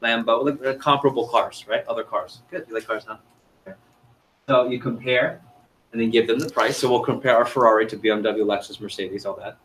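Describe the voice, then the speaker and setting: A man's voice: medium pitch, fairly even intonation, brisk, fairly bright tone, a little hiss or hum. Male sales trainer, chatty and upbeat, quizzing a seminar audience, mid-range voice. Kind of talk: interactive training seminar talk.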